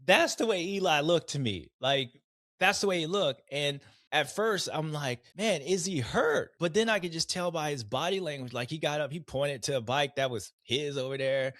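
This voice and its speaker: Animated man recapping a race. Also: fairly high pitch, moderate pace, no echo, studio quality. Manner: animated, acts out riders' voices in quotes; rambling, restarts, slang. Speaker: podcast host, former racer.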